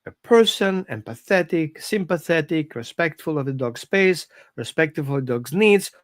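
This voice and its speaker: Dog trainer doing a casual live lesson from home, chatty and animated, middle pitch. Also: moderate pace, no room sound, studio quality. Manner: animated, conversational, coaching tone. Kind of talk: informal live-stream lesson.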